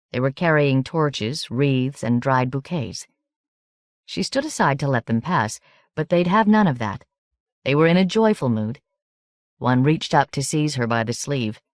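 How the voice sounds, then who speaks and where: A woman narrating a novel as an audiobook in a steady, measured reading. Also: extremely low pitch, no room sound, clean studio sound.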